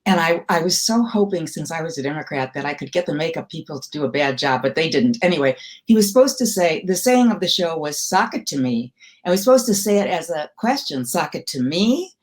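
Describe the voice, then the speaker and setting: A woman's voice: sits low, lively intonation, a little fast. An older woman from Milwaukee, a comedy writer, telling wry, self-deprecating anecdotes in a casual interview. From Milwaukee, USA.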